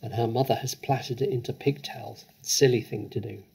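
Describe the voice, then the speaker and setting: A man reading aloud, voicing a cheeky, knowing older schoolgirl who speaks in a hushed, gossipy way. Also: medium pitch, fairly even intonation, moderate pace, creaky, breathy edge.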